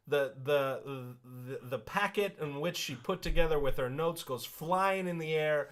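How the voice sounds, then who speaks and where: A man's voice: on the high side, unhurried, hardly any pauses. A man co-hosting a casual sports podcast, telling stories in a playful, exaggerated way. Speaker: podcast co-host.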